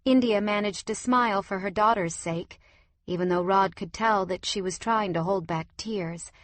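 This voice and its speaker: A woman narrating an audiobook in an even, measured way. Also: mid-range voice, no echo. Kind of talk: scripted narration.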